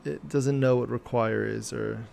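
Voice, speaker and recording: A man on a live coding stream thinks aloud in a gravelly, fry-edged voice. He stops and starts, mutters, and questions himself as he works, at a middling pitch with a faint hum of noise behind him. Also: fairly even intonation, measured pace, darkish tone.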